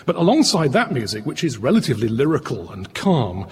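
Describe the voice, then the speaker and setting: A man presenting a radio music programme, explaining in a lively, expressive way. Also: medium pitch, fairly quick, husky, big-room sound.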